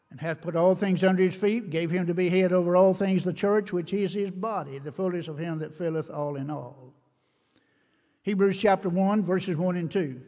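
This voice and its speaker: A man with a notably high voice preaches a sermon, reading scripture in old-fashioned wording. He is emphatic, slowing down to press on key words. His voice rings with the long reverb of a church hall. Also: a little mellow. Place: church sanctuary.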